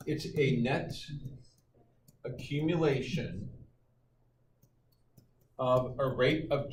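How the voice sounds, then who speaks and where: A middle-aged male teacher lecturing a high school class with a playful, joking manner. He is picked up from a distance in an echoey classroom, with steady noise behind him. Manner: lively, playful, jokes with students. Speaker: calculus teacher. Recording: echoey classroom from far off, noisy.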